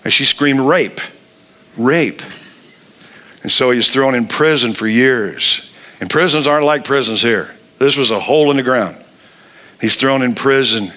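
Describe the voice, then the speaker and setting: A man preaching a sermon, animated, acting out the people he quotes. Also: mid-range voice, normal speed. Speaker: pastor.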